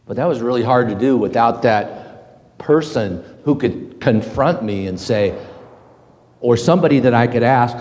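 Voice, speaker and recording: A middle-aged man giving a slow, halting, earnest personal testimony to a men's group. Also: medium pitch, animated, a little mellow. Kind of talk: reflective personal testimony talk. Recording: long hall reverb.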